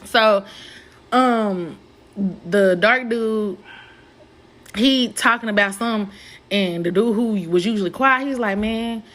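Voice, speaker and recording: Woman podcast host, casual storytelling, slangy and profane, animated, mid-pitched. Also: takes it slowly, long pauses.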